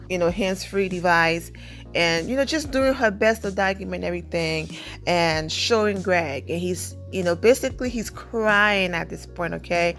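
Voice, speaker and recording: Woman, celebrity news vlogger, chatty, lowish voice, faint music behind. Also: a bit bright. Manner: chatty, heavy use of "you know". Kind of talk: casual celebrity news commentary.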